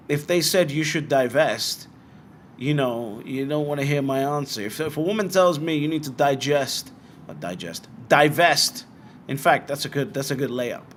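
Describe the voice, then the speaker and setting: A man's voice: medium pitch, a little hiss or hum. A young man from Britain hosting a livestream, answering viewer questions in blunt, casual chat with plenty of swearing. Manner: blunt, swearing, animated asides. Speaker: bitcoin livestream host.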